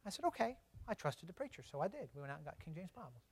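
A man, a pastor, delivering a sermon with animated storytelling, moving from soft asides to loud, emphatic preaching. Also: on the high side, very fast, husky.

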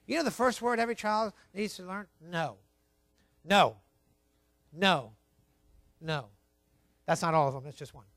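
A man preaching a sermon, emphatic and repetitive, telling his listeners to write points down, swinging between quiet asides and loud stressed words. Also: high voice, unhurried, pauses often, no room sound. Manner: emphatic, repeats key points, tells listeners to write things down. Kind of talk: sermon on child training.

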